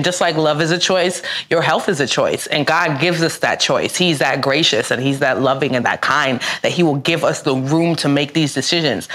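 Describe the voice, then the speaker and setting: Low-voiced earnest woman guest. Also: fairly bright tone. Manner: reflective, earnest, speaks in repeated restarts. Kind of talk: faith talk conversation.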